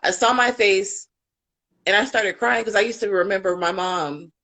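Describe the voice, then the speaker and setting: A woman's voice: medium pitch, normal speed, fairly bright tone. A woman parent coach speaking candidly and with feeling in a live panel discussion, swearing freely as she talks.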